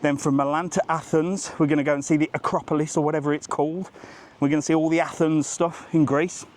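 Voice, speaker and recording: Talking fast in a fairly high, level voice that's a little mellow, a man in his forties hosts a casual live travel vlog. He walks along an outdoor seaside promenade, rambling and joking as he chats.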